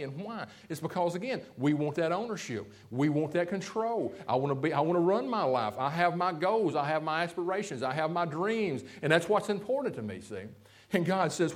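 A male pastor with a slightly high voice preaches a sermon at a brisk pace. He speaks directly to the congregation in a lively way, often checking in with "see?" and "okay?"

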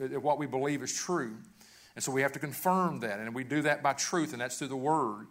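A man's voice: on the high side, a bit bright. A man preaching a sermon as pastor, earnest and repetitive, often restarting his phrases.

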